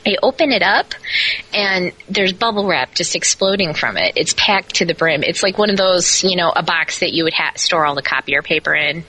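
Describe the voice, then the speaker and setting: A woman's voice: on the low side, normal speed, low-quality recording. A woman on a podcast telling a story in casual chat, laughing often and acting out her own outbursts. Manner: laughs often, animated retelling with quoted outbursts. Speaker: podcast co-host.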